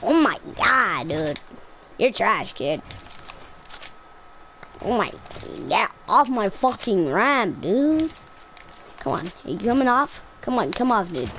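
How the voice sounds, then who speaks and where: A woman giving casual gameplay commentary in a loud, trash-talking way, swearing often and flipping between yelling and muttering. Her pitch bounces around a lot, and there is a faint hiss behind her. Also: rough recording. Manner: crude, rambling, swears and trash-talks; excitable, quick swings between yelling and muttering. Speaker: gaming streamer.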